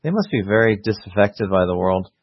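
Wisecracking Canadian male host; lowish voice, dry, dull lo-fi recording. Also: animated, a little fast, no room sound. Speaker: podcast host. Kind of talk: casual chat.

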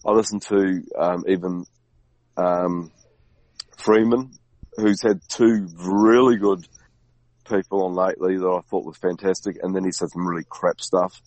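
A man as a guest in a casual conversation, talking in a rambling, halting way with many restarts. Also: low-pitched, steady tone, a little mellow, dry recording, rough recording. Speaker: podcast guest.

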